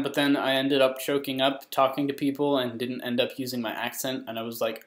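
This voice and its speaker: A young man rambles through a comic story for his vlog, piling up absurd jokes and mocking himself. His voice sits at a middling pitch. It rings in an echoey room. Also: steady tone, a little fast, few pauses. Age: young adult. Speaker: vlogger. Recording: roomy echo.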